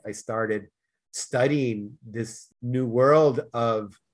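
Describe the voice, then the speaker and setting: A man with a Boston accent talking fast as a podcast guest, with stammered restarts and slurred words. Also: mid-range voice. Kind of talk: casual conversation.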